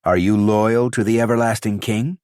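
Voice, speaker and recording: Man doing a chill confident young fighter, firm and steady, lowish voice. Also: normal speed, smooth, no echo, studio quality, lightly acted. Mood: firm, calm.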